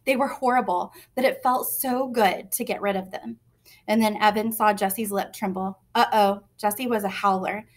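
A woman reading a children's novel aloud in a lively, expressive way. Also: mid-range voice, moderate pace. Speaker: reader. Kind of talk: storybook narration.

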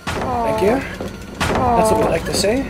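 A man's voice: high voice, takes it slowly, over loud music, rough recording. A man giving casual gameplay commentary as a channel host, talking cocky trash with plenty of swearing.

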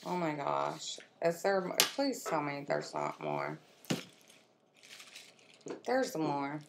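A woman vlogging at home as she unboxes a makeup swap, gushing and excitable as she talks to her viewers and her friend. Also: low-pitched, slow, vocal fry, very noisy. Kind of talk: casual unboxing chat. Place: at home, with her children nearby.

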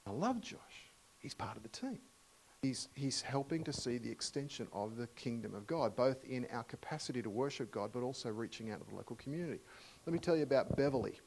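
A man's voice: medium pitch, lively intonation, fairly quick, gravelly, slight background noise, rough recording. Australian man preaching with playful stories. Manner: warm, humorous storytelling with many fillers and restarts. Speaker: guest preacher. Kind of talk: storytelling sermon. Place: church.

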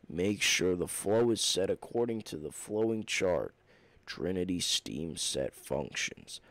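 A man voicing a menacing old male sci-fi emperor in a deep gravelly growl, reading game notes in that voice. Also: no room sound, heavily acted.

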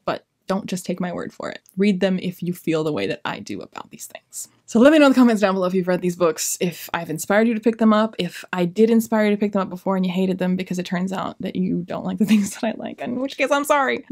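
A woman's voice: lowish voice, expressive, fast talker, hardly any pauses, darkish tone. A young adult woman talking casually in a book review vlog, enthusiastic and gushing.

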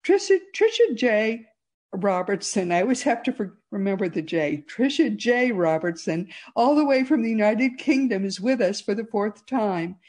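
A woman's voice: medium pitch, normal speed. Enthusiastic American woman talk host. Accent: neutral American. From Massachusetts, USA. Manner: enthusiastic, lively, chatty. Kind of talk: radio talk show interview.

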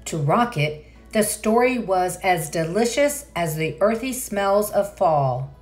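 A woman's voice: medium pitch, lively intonation, slow, faint music behind. A woman reading a children's picture book aloud, with enthusiastic asides to young listeners. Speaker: read-aloud narrator.

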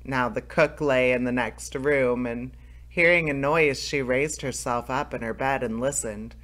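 A man reading a fairy tale aloud as narrator, steady, with small restarts. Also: mid-range voice, unhurried. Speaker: storyteller, channel host.

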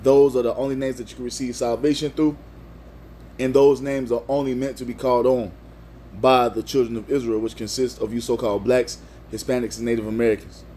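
A man's voice: medium pitch, steady tone, a little fast, warm tone, slight background noise. A man preaching in a video sermon, reading scripture and driving each point home with repeated "man" and "you see.".

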